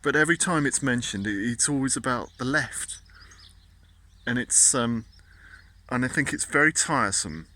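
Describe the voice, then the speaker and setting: A man venting in a casual, indignant rant. His voice is bright and forceful, and he keeps tripping over and repeating his words. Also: mid-range voice, lively intonation, normal speed. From Britain. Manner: indignant, stumbling repetitions. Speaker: vlogger.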